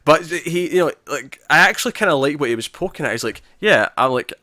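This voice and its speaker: A man co-hosts a casual podcast, talking fast with lots of restarts and acting out lines from the show. His voice is bright and crisp, and the sound is dry with little room. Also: fairly high pitch, no room sound. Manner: animated, quick restarts, acts out lines from scenes. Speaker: podcast co-host. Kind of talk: casual chat.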